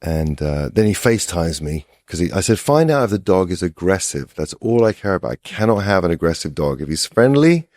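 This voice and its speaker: A man's voice: deep voice, big pitch swings, brisk, few pauses, darkish tone, no echo, studio quality. A middle-aged man who is a guest on a podcast, telling a rambling, casual story full of restarts. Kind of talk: casual chat.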